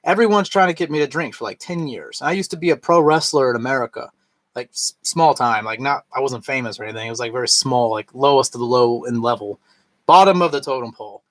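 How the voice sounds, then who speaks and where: A tipsy man in his thirties rambles through a casual vlog, swearing freely and slipping into a higher voice to mimic others. His pitch sits in the middle range for a man. The sound is dry and close, with no room echo. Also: quick pace, a bit bright. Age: 30s. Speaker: vlogger.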